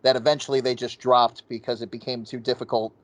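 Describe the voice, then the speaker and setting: A man's voice: mid-range voice, little pitch movement, fast, dry recording. A man co-hosting a podcast, chatting loosely about a film and swearing freely as he rambles. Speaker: podcast co-host. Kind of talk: casual film review chat.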